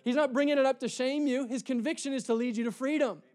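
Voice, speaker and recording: A man preaching a sermon in church, impassioned and repetitive, dropping soft for emphasis. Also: very high voice, fairly even intonation, fast. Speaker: pastor.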